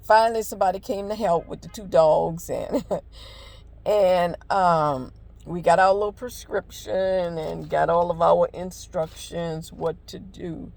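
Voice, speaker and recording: An older woman who vlogs devotionals shares a heartfelt, rambling personal testimony and offers faith-based encouragement in a casual way. Her fairly low voice is steady, measured and a little mellow, with vocal fry and plenty of fillers.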